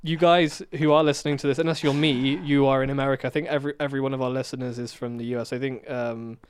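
A man co-hosting a podcast, rambling through a story with restarts and trailing off quietly at the ends of thoughts. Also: medium pitch, little pitch movement, quick pace, clean tone. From England. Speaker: podcast co-host. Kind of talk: casual chat.

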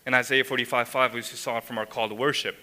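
A man's voice: mid-range voice, level tone, fast, bright, forceful tone. A man preaching a sermon as pastor, emphatic and explanatory, often checking in with the congregation by asking "right?". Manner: emphatic, frequent tag questions, voices God's words. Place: church sanctuary. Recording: long hall reverb.

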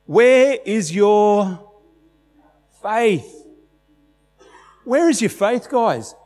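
A man voicing Jesus as a weary, exasperated man in a casual, high-pitched tone. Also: animated, extremely slow, darkish tone, in a large hall, full character voice.

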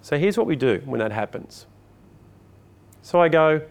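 A man's voice: a little high, lively intonation, unhurried, gravelly. An older man, a public speaking coach, giving a chatty motivational talk to a live audience and asking it questions.

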